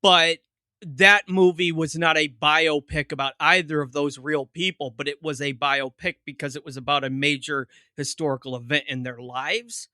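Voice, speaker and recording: A man hosts a casual podcast chat, his voice very bright and a touch high. He rambles and interrupts himself with jokes. The sound is dry and close. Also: fairly even intonation, normal speed, no echo. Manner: rambling, self-interrupting, joking. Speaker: podcast host.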